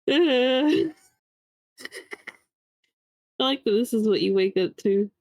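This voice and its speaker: Giggly high-voiced woman chatting. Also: slow, dry recording, studio quality. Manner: giggly, swears freely, animated storytelling. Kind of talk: casual chat.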